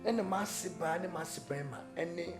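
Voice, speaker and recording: Speaking unhurriedly in a fairly high voice close to an everyday one, a Ghanaian-accented actor portrays a worried married man pressured by his mother. His earnest, troubled dialogue plays over a music bed.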